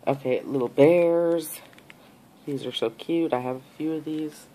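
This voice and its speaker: A woman in a casual unboxing vlog, gushing and excitable, full of gasps and exclamations. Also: deep voice, measured pace, a little hiss or hum, low-quality recording. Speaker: nail art vlogger.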